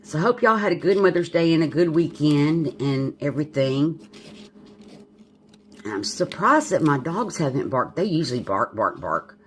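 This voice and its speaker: While she demonstrates making a journal at home, a Southern-accented woman chats in a deep, expressive voice at a moderate pace, with a little hiss or hum. She thinks aloud and often goes off on tangents.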